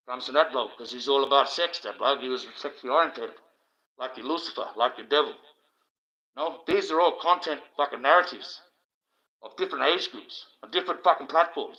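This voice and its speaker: A man's voice: medium pitch, sharp tone. An Australian man ranting on a livestream, crude and profane, rambling with stumbling restarts. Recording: dull lo-fi stream audio.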